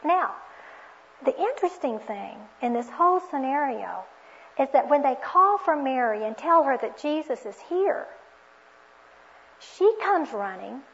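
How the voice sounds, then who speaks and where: A woman with a high voice preaches a sermon, earnest and reflective, often posing questions to her listeners. The recording is dull and lo-fi. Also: very animated, measured pace, fairly bright tone, a little hiss or hum.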